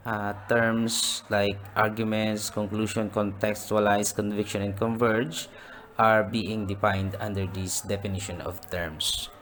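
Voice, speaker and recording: Slow-talking male teacher, walking through slides, faint hiss behind. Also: fairly low pitch, a bit bright. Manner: slow, explaining with fillers and restatements. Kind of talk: slide-based online lesson.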